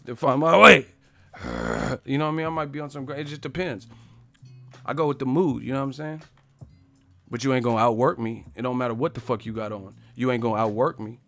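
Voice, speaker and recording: A man hosting a boxing live stream who rants casually, swears freely and jokes a lot. His voice sits in a middle pitch. Faint music plays behind him. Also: a bit bright. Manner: profane, joking, mocks stiff interviewers in put-on voices. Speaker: boxing channel host.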